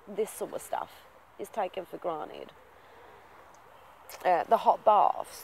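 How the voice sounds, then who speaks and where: A man's voice: fairly high pitch, slight background noise, low-quality recording. A man talking casually to the camera in a vlog, rambling and waffling with lots of fillers in a reflective, earnest way. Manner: rambling, self-confessed waffler, many fillers. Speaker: vlogger.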